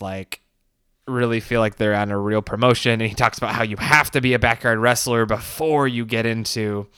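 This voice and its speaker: A man's voice: medium pitch, fairly bright tone, clear, resonant tone, no echo, studio quality. A man casually recapping a documentary, rambling with fillers, restarts and laughs. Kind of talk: casual commentary.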